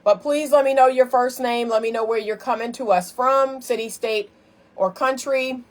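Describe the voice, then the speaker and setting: A woman's voice: on the high side, normal speed. A woman hosting a casual live-stream about dating, speaking frankly and chattily, calling her viewers y'all and breaking into laughing asides. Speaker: relationship advice host.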